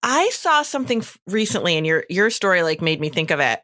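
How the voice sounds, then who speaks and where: Woman, podcast co-host, lowish bright voice, frank and swears freely. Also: sing-song, a little fast, dry recording, clean studio sound. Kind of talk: casual chat.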